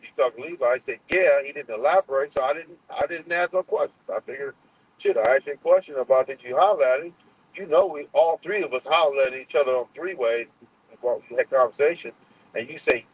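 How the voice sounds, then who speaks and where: Husky-voiced man ranting on a livestream. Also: on the high side, no room sound, dull audio. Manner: rambling, profane, confrontational, many fillers and restarts. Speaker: livestream host. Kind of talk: heated livestream monologue.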